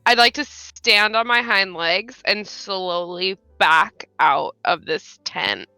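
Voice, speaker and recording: A woman's voice: medium pitch, lively intonation, takes it slowly, bright, forceful tone, smooth, no room sound, soft background music, poor audio. A woman playing a tabletop game, declaring her character's actions. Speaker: player. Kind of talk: tabletop role-play.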